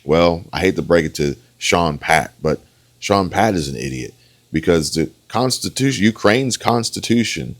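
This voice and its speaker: Very deep-voiced man ranting. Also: expressive, normal speed. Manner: emphatic, repeats points, addresses viewers as folks and guys. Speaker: political commentator. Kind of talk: reaction commentary.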